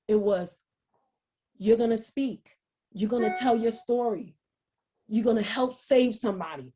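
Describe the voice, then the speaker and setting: A woman speaks over a video call in an earnest, halting way, often starting over and repeating herself. Her voice sits a bit high and sounds husky. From New York, USA. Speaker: guest speaker. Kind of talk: emotional personal testimony.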